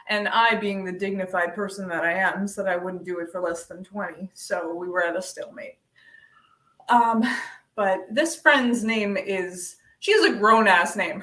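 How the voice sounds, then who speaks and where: A young woman doing a deadpan stand-up set over a video call, with many ums. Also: mid-range voice. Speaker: stand-up comedian. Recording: echoey room, distant from mic.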